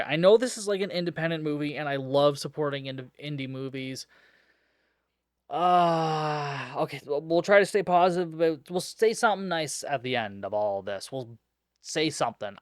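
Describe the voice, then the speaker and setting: A man's voice: on the high side, dry recording, studio quality. A man hosting a podcast, recapping a film in a casual, sarcastic and exasperated way, swearing constantly. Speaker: podcast host reviewing a film. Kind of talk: casual profane movie recap.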